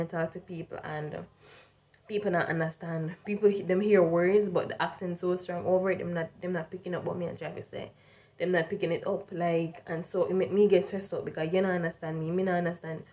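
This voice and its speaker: Young Jamaican woman, lively vlog storytelling. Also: on the low side. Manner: animated, slips between standard English and Jamaican Patois. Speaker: vlogger. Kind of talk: casual storytelling to camera.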